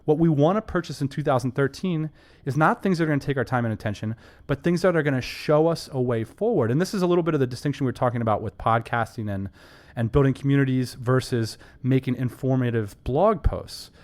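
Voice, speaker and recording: A man co-hosting a casual business podcast, talking emphatically and enthusiastically with quick asides. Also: medium pitch, darkish tone. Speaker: podcast co-host.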